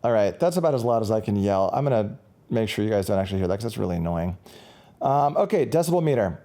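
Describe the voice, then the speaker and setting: A man's voice: lowish voice, lively intonation, quick pace, warm tone. A man, a musician, giving a casual, rambling product review and often correcting himself mid-sentence. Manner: rambling, chatty, self-correcting.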